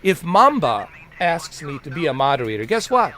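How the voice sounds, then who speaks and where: A man's voice: a little high, very animated, moderate pace, sharp tone. Heated, profane man ranting on stream. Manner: repeats himself for emphasis. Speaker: live streamer. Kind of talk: live-stream rant to chat.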